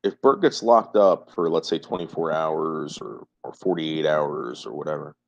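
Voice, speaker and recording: Through muffled, lo-fi stream audio, a man with a very deep, gravelly voice talks at normal speed in casual chat. He swears freely and hammers home his phrases by repeating them.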